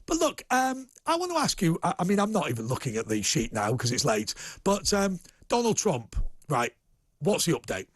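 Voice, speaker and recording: A middle-aged British man hosting a political TV interview, animated and prone to restarting his sentences. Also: fairly high pitch, normal speed, husky, no echo. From United Kingdom. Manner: animated, repeats words when starting sentences. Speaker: TV host and political commentator. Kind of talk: casual studio interview.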